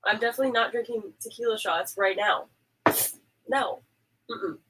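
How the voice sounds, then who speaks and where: A woman's voice: fairly high pitch, normal speed, noisy background. A woman chatting casually, playful and sarcastic, calling herself a little too spazzy. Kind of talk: casual chat.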